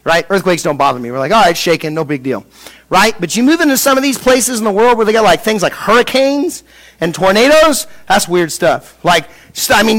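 A middle-aged man preaching a lively sermon in a notably high voice. He talks in a conversational way, acts out the people he quotes, and stops to restart his sentences now and then. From Southern California. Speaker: pastor.

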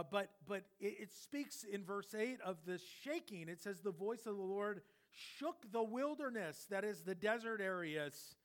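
A middle-aged pastor preaching a sermon in a conversational, animated way, swinging from loud bursts to hushed asides. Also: male voice, high-pitched. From California.

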